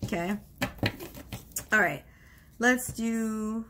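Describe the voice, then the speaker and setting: A woman's voice: mid-range voice, fairly even intonation, slow pace, vocal fry, background noise. A woman giving a casual tarot card reading, chatty and reassuring, with frequent exclamations. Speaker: tarot reader.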